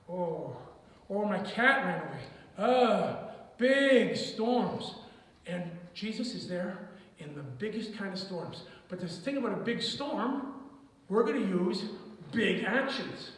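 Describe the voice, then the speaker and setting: A hoarse man recovering from illness gently leads a children's song lesson, talking playfully to kids. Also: high-pitched. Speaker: children's ministry leader. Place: church hall. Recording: echoey hall, mic far off.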